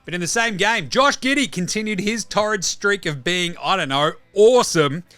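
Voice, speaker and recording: A man's voice: high voice, animated, normal speed, pushed and bright, smooth, no echo. An Australian man hosting a basketball podcast, talking in rambling, blunt, sweary casual commentary. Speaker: podcast host.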